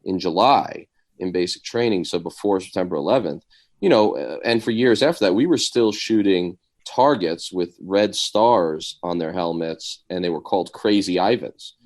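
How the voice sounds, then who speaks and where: A veteran co-host in his forties speaks in a very low, deep voice. He thinks aloud in a relaxed podcast conversation and leans on "like" and "um" as he works toward his point. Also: moderate pace. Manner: thoughtful, many fillers like "like" and "um". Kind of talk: casual discussion.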